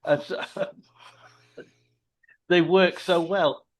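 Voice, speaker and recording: A man co-hosting a casual discussion, explaining things in a measured way with dry wit. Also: high-pitched, fairly even intonation. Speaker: podcast co-host.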